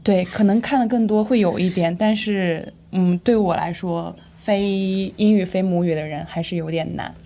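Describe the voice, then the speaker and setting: Mellow-voiced woman whose first language is Chinese. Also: fairly low pitch, steady tone, normal speed, hardly any pauses. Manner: soft backchannels, curious questions. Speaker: co-host. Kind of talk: casual bilingual chat.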